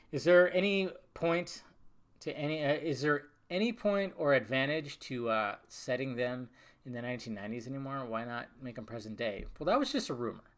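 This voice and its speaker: A man hosting a podcast, answering viewer questions in a casual live chat with profane, animated rants. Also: medium pitch, normal speed. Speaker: podcast host.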